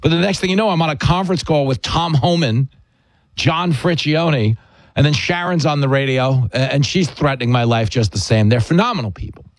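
A man's voice: a little high, moderate pace, no room sound, studio quality. A man hosting a radio talk show, joking and telling stories about himself. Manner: joking, self-mocking, animated storytelling. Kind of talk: casual radio chat.

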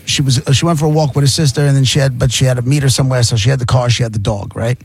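Husky male radio host telling a story. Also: medium pitch, fairly even intonation, rapid-fire, a little mellow, dry recording, faint music behind. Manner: rambling storytelling with restarts. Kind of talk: casual radio chat.

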